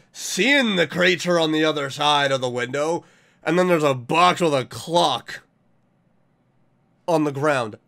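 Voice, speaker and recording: Excitable man thinking aloud over a game. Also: gravelly. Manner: thinks aloud, bursts into high-pitched confused panic. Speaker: game streamer. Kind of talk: let's play commentary.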